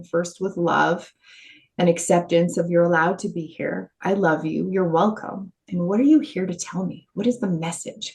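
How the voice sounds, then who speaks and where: Female coach as podcast guest, lowish voice, earnest and animated, laughs easily. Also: creaky. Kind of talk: conversational interview.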